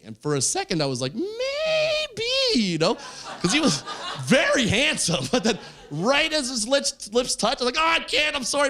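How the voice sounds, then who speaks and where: Animated man doing stand-up. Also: fairly high pitch. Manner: animated, voices quoted friends, yells punchlines. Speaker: stand-up comedian. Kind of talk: stand-up storytelling. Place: comedy club stage. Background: audience laughter.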